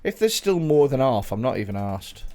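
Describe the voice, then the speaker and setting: Lively, teasing man in his thirties. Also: mid-range voice, moderate pace. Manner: teasing, sweary, animated and lively. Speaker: podcast co-host. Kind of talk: casual comedic banter.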